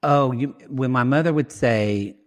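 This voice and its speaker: A man's voice: medium pitch, a little slow. A man, co-hosting a podcast in a rambling, chatty way, addressing listeners as y'all. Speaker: podcast co-host. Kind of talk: casual chat recapping reality TV.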